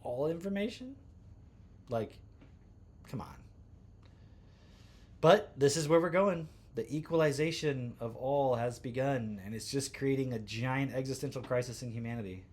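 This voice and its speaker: A man's voice: mid-range voice, moderate pace, darkish tone. A man hosting a livestream from home, reading posts aloud and breaking in with sarcastic, incredulous asides. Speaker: livestream host.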